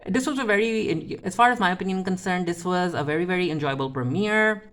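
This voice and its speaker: A chatty vlogger giving a casual TV episode recap at a middling pitch. The talk is full of fillers and small restarts. Scenes are retold through quick, paraphrased lines from the characters. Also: fairly bright tone. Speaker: TV episode reviewer.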